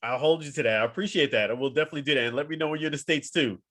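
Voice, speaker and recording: A man's voice: a little high, racing, a bit bright. A man hosting a sports talk show, giving short, affirming replies to his guest. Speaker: sports radio show host. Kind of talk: casual interview chat.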